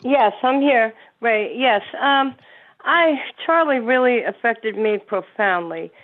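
Woman on a call, emotional tribute, slightly high voice, phone-quality sound. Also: animated, slow. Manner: heartfelt, rambling. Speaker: meeting participant. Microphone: video call. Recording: tinny phone-like call audio.

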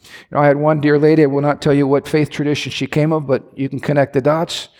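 A man's voice: fairly high pitch, flat delivery, fast talker, darkish tone. A male pastor preaching a sermon in a church, conversational with asides and restarts. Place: church sanctuary. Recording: long hall reverb.

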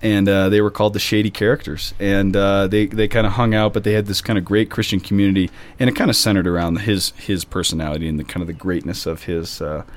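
Low-voiced male priest chatting outdoors. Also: little pitch movement. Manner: chatty, quick, self-interrupting. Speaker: priest, podcast host. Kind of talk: casual podcast chat. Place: outdoors in the wind.

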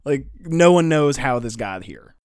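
A man's voice: medium pitch, animated, measured pace, a little mellow, clear, resonant tone, no echo, studio quality. Rambling man acting out story quotes. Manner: rambling with many fillers, swears, acts out characters' quotes. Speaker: story brainstormer. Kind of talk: casual chat.

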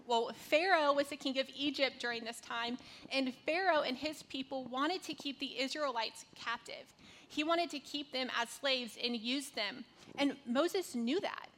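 A woman's voice: high voice, unhurried, a bit bright. A woman in her thirties from North Carolina giving a conversational devotional talk, telling a personal story with casual fillers.

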